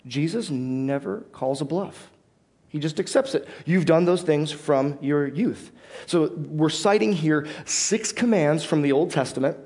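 A man preaching in a church with a slightly higher voice. His sermon is conversational: he explains the passage and puts questions to the congregation. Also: moderate pace, darkish tone. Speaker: pastor.

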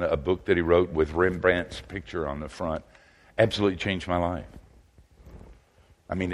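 An older man preaching a sermon in a folksy, wry way, swinging from loud outbursts to hushed asides. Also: deep voice.

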